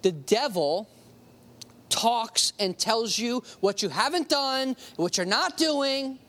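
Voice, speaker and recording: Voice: medium pitch, animated, takes it slowly, a bit bright. Conversational preacher stressing key words. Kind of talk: sermon with Bible reading.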